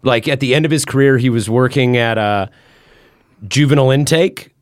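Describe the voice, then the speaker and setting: A man's voice: medium pitch, normal speed, smooth, dry recording, clean studio sound. A man in a casual podcast chat, telling loose, profane stories that lean on filler words. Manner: rambling storyteller, loose and profane, acts out voices in quotes.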